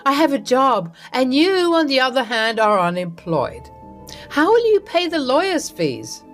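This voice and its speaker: Woman reading an arrogant rich husband, jeering, dismissive, swings up and down in pitch, audiobook story. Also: very animated, measured pace, a bit bright, faint music behind, full character voice. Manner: mocking, dismissive. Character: cold arrogant wealthy husband, adult man.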